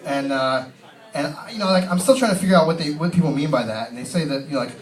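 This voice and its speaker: A man's voice: on the high side, fast talker. A man doing a stand-up comedy set in a pub, rambling and full of fillers, recorded from a distant camera. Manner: rambling, filler-heavy, casual storytelling. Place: pub stage. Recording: roomy pub sound from a distant mic.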